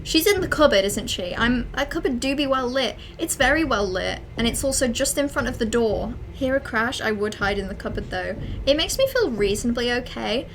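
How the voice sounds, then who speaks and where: A young adult woman giving excitable, dramatic let's play commentary as a streamer, swearing often. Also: on the high side, a little fast, few pauses, a little hiss or hum.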